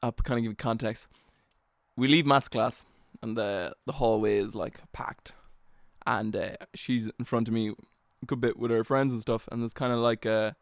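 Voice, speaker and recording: A man's voice: mid-range voice, no room sound, clean studio sound. A young man hosting a solo podcast, telling a story in a rambling, self-mocking way with lots of slang and fillers. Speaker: podcast host.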